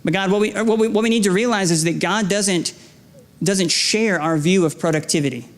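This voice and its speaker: A young man guest-preaching in a church sanctuary speaks fairly quickly, his voice sitting high. He exhorts earnestly, repeats phrases, tells self-deprecating stories, and stammers into restarts whenever he presses a point.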